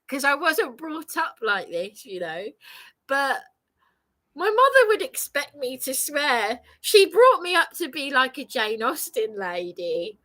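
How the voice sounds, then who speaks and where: A woman delivers an emphatic, indignant monologue at an unhurried pace. Her voice is high and bright, and she swears and laughs with bitter disbelief. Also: big pitch swings. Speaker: vlogger. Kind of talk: ranting monologue to camera.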